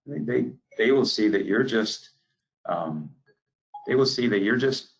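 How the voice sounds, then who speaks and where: A man's voice: medium pitch, lively intonation, measured pace, gravelly, poor audio. A man with an Upper Midwestern American accent giving a training presentation on conservation work, telling earnest stories with many "um"s and restarts.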